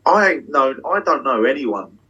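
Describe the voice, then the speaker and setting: Husky swaggering magician, slightly off-mic. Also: male voice, mid-range voice, moderate pace, distant mic, highs cut off. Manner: swaggering, swears freely, talks in long excited runs. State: getting emotional. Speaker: magician and tour guest. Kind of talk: candid casual interview. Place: backstage dressing room.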